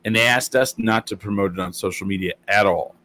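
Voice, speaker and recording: Lowish and sharp-toned, this man's voice comes quickly over a slight hiss or hum. Chatting casually, he spins rambling tales full of fillers, voicing the people he quotes.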